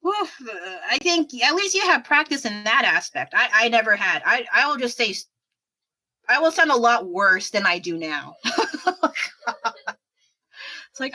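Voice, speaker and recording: A woman's voice: a little high, sing-song, unhurried, pauses often, pushed and bright, poor audio. A woman in her thirties chatting casually with viewers during a painting livestream, rambling and self-deprecating. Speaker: artist livestreaming while painting.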